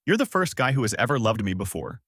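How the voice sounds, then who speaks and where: A shy, feisty young girl, as a man reads her lines. She speaks bashfully, in a voice that moves widely in pitch. The sound is dry and close. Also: sing-song, quick pace, fairly bright tone, no echo.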